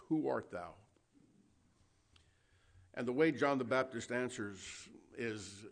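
A male pastor preaching a Bible sermon in a conversational, emphatic way, reading verses aloud between his comments. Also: mid-range voice.

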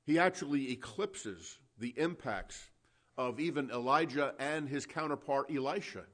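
A man preaching a sermon, impassioned and building to loud exhortation, calling his listeners friends, with frequent restarts and fillers. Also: mid-range voice, unhurried.

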